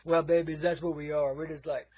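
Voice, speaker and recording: A man's voice: fairly high pitch, flat delivery, a little fast, darkish tone, slightly rough, dry recording. A man hosting a radio show, delivering a rambling comic monologue in hippie patter full of "man" and chuckles.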